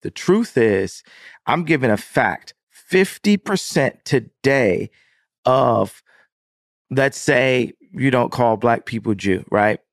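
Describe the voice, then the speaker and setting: A man's voice: medium pitch, expressive, slow, dry recording, studio quality. A man as an interview guest, arguing insistently and repeating himself. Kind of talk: heated interview argument.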